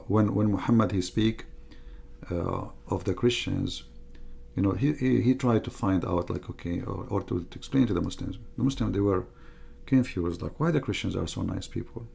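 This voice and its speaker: A man's voice: low-pitched, unhurried, creaky, long pauses, mellow, slightly rough. A middle-aged man giving an emphatic, repetitive livestream monologue as a religious debater, in non-native grammar.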